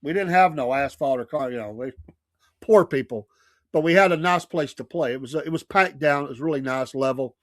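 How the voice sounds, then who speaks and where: A man's voice: on the high side, fairly quick, dry recording, studio quality. A man from the United States casually telling childhood neighborhood stories, laughing often and acting out the voices of people he quotes. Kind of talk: casual storytelling.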